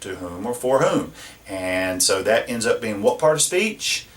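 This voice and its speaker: Recorded by a camera on the far side of an echoing classroom, this man teaches a grammar lesson at the whiteboard. His fairly low voice swings widely in pitch at a measured pace as he patiently explains and puts questions to the class of his Spanish students.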